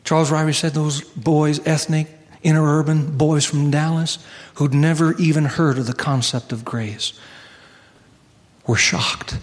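Give me an earnest male preacher, voice on the high side, long echo of a big hall. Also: fairly even intonation, a little mellow. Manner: earnest, slows down for key lines. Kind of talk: sermon with storytelling.

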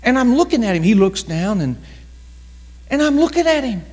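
A male pastor telling a story in a sermon, dramatic, slowing down for emphasis and acting out the voices of others. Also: extremely high pitch, very animated, darkish tone, big-room sound. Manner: dramatic storytelling with slowed emphasis and acted quotes.

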